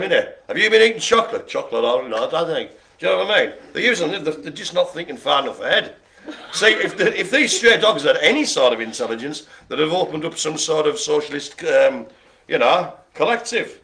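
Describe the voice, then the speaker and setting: A man's voice: fairly high pitch, expressive, brisk, fairly bright tone. A man calling bingo as host, joking and laughing through playful banter. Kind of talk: jokey live bingo calling.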